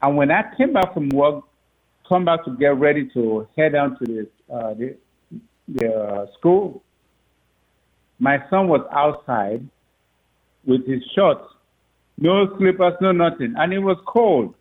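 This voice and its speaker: A father telling a story on the phone, animated and laughing often as he acts out what people said. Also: on the high side, unhurried, long pauses. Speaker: father of a recruit. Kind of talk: phone interview. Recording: tinny phone line.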